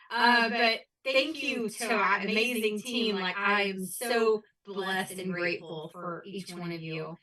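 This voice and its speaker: A woman's voice: medium pitch, measured pace, few pauses, pushed and bright. A woman co-hosting a video training call, giggly and a little flustered as she wraps up. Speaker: co-host of a team training call. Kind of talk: casual wrap-up on a video call.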